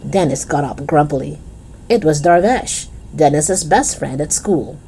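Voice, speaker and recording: A woman's voice: sits low, measured pace, mellow, slight background noise. A woman reading a children's chapter book aloud, breaking off with playful asides to the reader. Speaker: storyteller.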